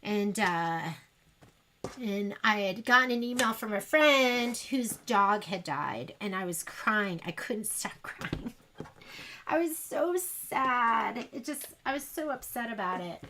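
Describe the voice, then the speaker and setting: A woman's voice: a little high, expressive, takes it slowly, bright, forceful tone, a little hiss or hum. Chatty woman hosting a sewing stream. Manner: chatty and rambling, talking to viewers. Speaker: livestream sewing host. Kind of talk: casual chat while sewing.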